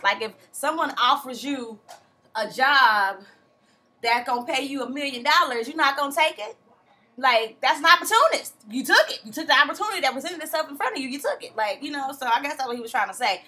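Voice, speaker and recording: A woman's voice: sits high, animated, a little fast, bright, forceful tone. A woman recapping a reality show from home in a casual, chatty way, full of slang and acted-out quotes. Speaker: TV recap vlogger.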